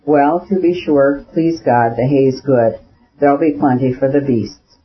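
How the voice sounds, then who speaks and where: A man's voice: mid-range voice, a little slow, close to an everyday voice. A man voicing a plain-spoken, pious old male peasant beekeeper in an audiobook reading, with homely, deferential talk. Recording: dull lo-fi recording.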